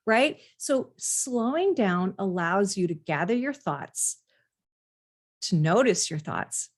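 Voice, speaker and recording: Earnest woman coaching parents. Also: medium pitch. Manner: earnest, speaks straight to the listener. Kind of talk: direct advice talk to parents.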